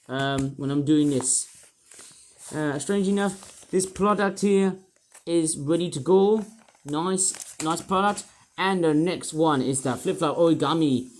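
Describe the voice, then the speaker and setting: A man's voice: on the high side, measured pace, a little mellow, slight background noise, rough recording. A man reviewing toy figures and rambling with puns and fillers as he unboxes them. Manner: rambling, punning, full of fillers. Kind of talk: unboxing commentary.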